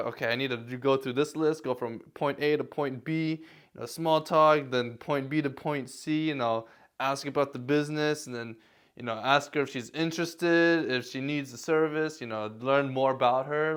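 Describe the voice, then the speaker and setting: This is a casual talking-head vlog in which a man gives advice while poking fun at himself, chuckling now and then and using many fillers and restarts. His voice sits a little high and sounds a bit bright, clear and resonant.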